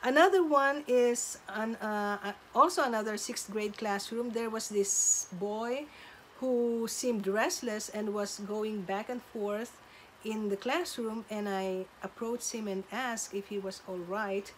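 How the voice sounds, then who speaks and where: A middle-aged woman, a teacher, telling classroom stories in a careful, measured way with pauses. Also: medium pitch, slight background noise. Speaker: substitute teacher. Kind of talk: casual storytelling to camera.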